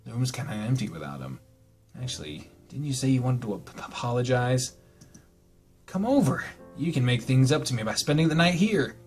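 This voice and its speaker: A man voicing a tired young man who jokes and teases, speaking low and subdued. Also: animated, normal speed, faint music behind, close to an everyday voice. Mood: sleepy. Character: tired joking young man, teasing but lonely.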